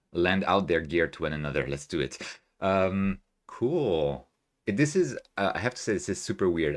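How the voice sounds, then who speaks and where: A man hosting a casual live stream, chatting loosely and reading viewer messages aloud from home, with lots of fillers and restarts. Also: on the low side. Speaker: astrophotography livestream host. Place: home room with equipment.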